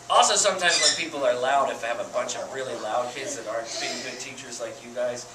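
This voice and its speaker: A man who keeps animals, giving a chatty, animated educational talk to a group and laughing often. He is recorded from a distance with loud surroundings behind him. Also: medium pitch, fast talker, few pauses, very noisy. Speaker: animal keeper. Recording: echoey and distant with loud ambience.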